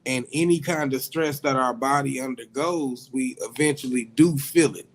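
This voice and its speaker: A man with a Midwestern US accent, co-hosting a radio show and calmly explaining health habits in casual chat. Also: medium pitch, moderate pace, a little hiss or hum. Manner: easygoing, explains things steadily. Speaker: co-host.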